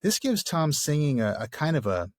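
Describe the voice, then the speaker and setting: A man's voice: on the high side, big pitch swings, normal speed, dry recording, studio quality. A man co-hosting a podcast, explaining a book thoughtfully in casual talk, with many fillers. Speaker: podcast co-host. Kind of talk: casual literary discussion.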